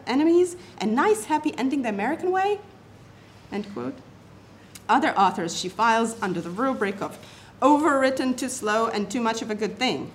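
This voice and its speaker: A woman's voice: sits high, slight background noise. A woman presenting an academic paper, reading it aloud and setting off quotations with emphasis and asides.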